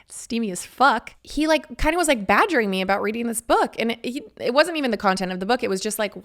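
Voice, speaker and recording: A woman's voice: fairly high pitch, expressive, fast talker. A woman in her thirties hosting a podcast, telling a personal story candidly, chatty and frank with casual swearing. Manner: chatty, frank, swears freely, laughs between phrases. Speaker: podcast host.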